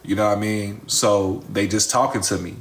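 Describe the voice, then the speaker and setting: Low-voiced man telling a story casually. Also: fairly even intonation, normal speed, a little hiss or hum. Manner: repeats phrases, addresses the audience directly, swears freely. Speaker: storyteller addressing followers.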